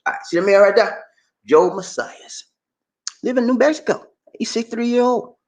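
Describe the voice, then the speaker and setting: A man giving animated, preachy commentary on a news story, playful and repetitive, with questions for his audience. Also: very high-pitched, normal speed. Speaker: commentary channel host.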